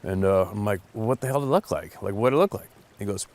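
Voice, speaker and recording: Male storyteller, low voice, blunt and salty, animated casual retelling. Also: fairly quick. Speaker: storyteller host.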